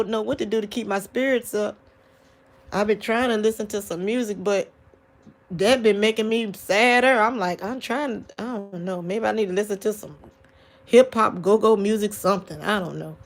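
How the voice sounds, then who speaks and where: Woman, livestream vlogger, grieving, tearful, halting restarts, close phone mic. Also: medium pitch. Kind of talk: late-night livestream talk to viewers.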